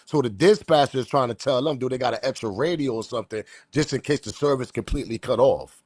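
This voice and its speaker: A man hosting casual commentary, blunt and animated, heavy on slang as he talks straight to his viewers. His voice sits at an ordinary pitch, recorded dry and close. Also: quick pace, few pauses, dry recording. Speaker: commentary host.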